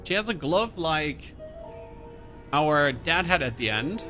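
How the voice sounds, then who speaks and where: A man's voice: a little high, very animated, takes it slowly, music in the background. A man streaming a video game, commenting casually with sarcasm and swearing. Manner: sarcastic, swears, talks to himself.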